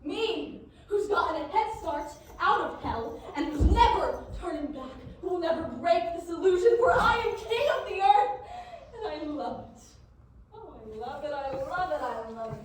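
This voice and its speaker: A woman's voice: sits high, very animated, unhurried, a little hiss or hum. A woman acting as a gloating, theatrical young man who crowns himself king in a stage monologue. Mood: manic. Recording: echoey hall, mic far off.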